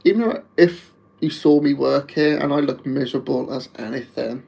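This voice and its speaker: A man's voice: mid-range voice, moderate pace, creaky, warm tone, slightly rough, rough recording. A man with a Wolverhampton accent chatting casually on a live stream, rambling and laughing often.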